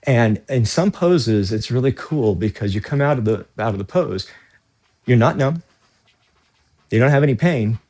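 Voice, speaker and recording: While stretching for his vlog, this man talks in a loose, rambling way, keeps correcting himself, and gets a bit out of breath, with breathy exclamations. He sounds expressive and a little mellow, with a mid-range voice at a moderate pace.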